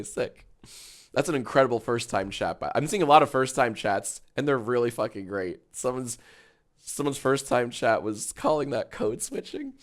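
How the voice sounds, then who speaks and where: A man chatting casually on a livestream, joking and riffing on messages from chat. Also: medium pitch. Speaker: streamer.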